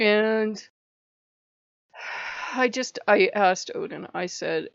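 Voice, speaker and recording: A woman with a medium-pitched, creaky voice speaks slowly with frequent pauses, the audio dull but free of echo. Vlogging on her own faith channel, she talks casually and passionately, crying on and off and apologizing whenever her voice breaks.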